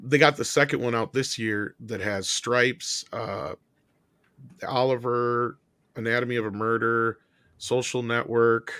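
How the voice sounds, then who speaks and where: Man, panelist, dry close sound, mid pitch, heated, profane. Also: fairly even intonation, a little slow, sharp tone, no room sound. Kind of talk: casual panel chat.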